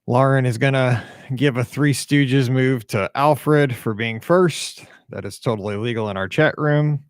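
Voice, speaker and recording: Speaking a little slowly at medium pitch, a podcast host takes live calls in a dry, studio-quality recording. He's casual and upbeat as he welcomes each viewer, but a tired note comes through, and he hums and mutters to himself in the gaps.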